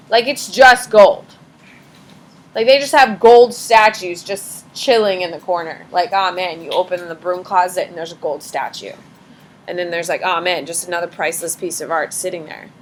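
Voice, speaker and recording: A woman's voice: fairly high pitch, fairly bright tone, poor audio. A woman teacher giving a casual classroom lecture, chatty and sarcastic, swearing offhandedly as she talks to students.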